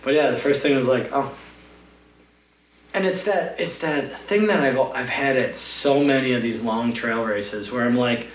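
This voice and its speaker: A man's voice: medium pitch, measured pace. A man casually telling a long trail race story in a podcast interview, rambling with lots of fillers. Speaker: trail runner guest. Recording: roomy, distant mic with faint hum.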